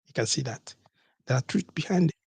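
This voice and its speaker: A man's voice: mid-range voice, lively intonation, a little fast, creaky, husky, no room sound. A man hosting a call-in talk show, talking emphatically, repeating key words and asking rhetorical questions. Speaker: podcast host.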